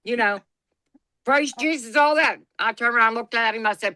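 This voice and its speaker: Woman, bright, close and dry sound, blunt, folksy storyteller. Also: on the high side, moderate pace, no echo. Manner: folksy, blunt, laughs through her stories. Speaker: podcast co-host. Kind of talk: casual storytelling chat.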